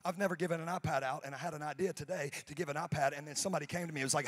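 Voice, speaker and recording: High-voiced pastor preaching, quiet to loud. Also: male voice, fairly even intonation, racing, hardly any pauses. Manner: talks with members of the audience on stage. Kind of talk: sermon. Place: church stage before a congregation.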